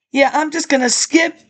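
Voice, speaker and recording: A woman with a high voice reads an old campaign speech aloud. She keeps wandering off into casual, rambling asides, laughing and clearing her throat as she goes. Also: fairly bright tone. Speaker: reader of archive documents. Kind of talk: reading a speech aloud with offhand commentary.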